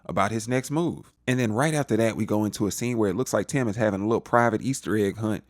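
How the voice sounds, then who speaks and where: A man casually recapping a TV episode in a slangy, animated way, often acting out the characters' lines. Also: on the low side, quick pace, no echo, clean studio sound. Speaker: TV recap vlogger.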